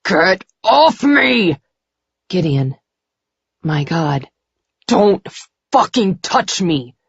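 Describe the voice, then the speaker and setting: A woman voicing an intense, tormented young man with a low, hoarse murmur. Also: fairly even intonation, slow pace, darkish tone, no room sound, exaggerated voice. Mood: anguished. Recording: slightly dull lo-fi recording.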